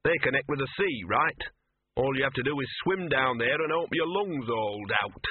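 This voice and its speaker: A cynical, scruffy male talking dog, as a male narrator puts him on sneers and grumbles in a grudging, streetwise way. The husky voice comes through a tinny, dry, phone-like recording of a storybook reading. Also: mid-range voice, animated, normal speed, no echo.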